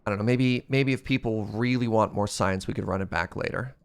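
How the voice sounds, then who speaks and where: A man streaming a game, chatting casually and excitably with his viewers, his voice strained from shouting. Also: fairly low pitch, fairly quick, vocal fry, clean tone. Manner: excitable, chatty, laughs often. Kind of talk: casual live-stream chat.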